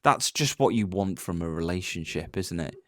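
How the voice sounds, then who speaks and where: Rambling, animated man chatting casually. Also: low-pitched, moderate pace, no echo, clean studio sound. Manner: rambling, self-interrupting, joking. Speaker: podcast co-host. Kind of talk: casual chat.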